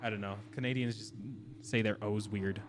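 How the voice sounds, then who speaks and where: A man's voice: lowish voice, fairly even intonation, normal speed, over music. A man chatting casually with his viewers while he streams a game. He rambles and laughs often. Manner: talks to chat while playing. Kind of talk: casual live gameplay chat.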